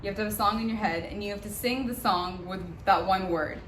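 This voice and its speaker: A young woman co-hosts a casual home cooking show, upbeat and addressing viewers directly as she demonstrates and chats. Her voice is medium-pitched, fast and fairly bright. The audio is poor, with faint room noise.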